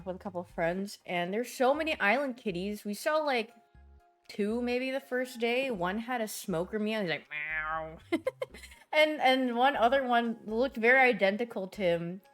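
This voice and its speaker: A young woman streaming, telling stories in a lively, animated way and often laughing and squealing. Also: a little high. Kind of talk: casual chat stream.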